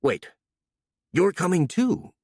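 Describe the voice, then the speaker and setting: Brief: storybook monster queen, smug and easily startled, voiced by a man, lifted pitch, dry studio sound. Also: very animated, slow pace, a little mellow, husky, dry recording, exaggerated voice. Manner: smug, then easily surprised.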